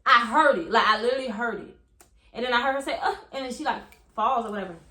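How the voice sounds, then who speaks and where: Animated high-voiced young woman storyteller. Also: quick pace, echoey room. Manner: animated, profane storytelling, addresses viewers as y'all. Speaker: hairstylist. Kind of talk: storytime vlog.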